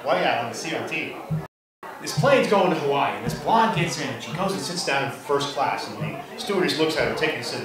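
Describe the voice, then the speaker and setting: A man's voice: big pitch swings, fast. A man telling a string of jokes to a room, acting out the characters in them. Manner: acts out characters with big jumps in pitch. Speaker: amateur joke teller. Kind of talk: deadpan joke telling to a room. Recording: echoey room from far off, crowd behind.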